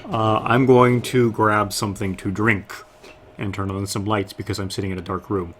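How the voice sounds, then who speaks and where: Young guy on a dev stream, kinda low voice, laid back, lots of uhs. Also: normal speed, slight background noise. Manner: relaxed, explanatory, with frequent fillers. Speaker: mod developer streaming. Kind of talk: casual live stream chat.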